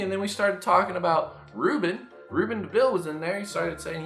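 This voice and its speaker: A young man telling a casual, profane dream story, jumping into loud high-pitched impressions. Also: a little fast, creaky, few pauses. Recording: echoey room with faint music.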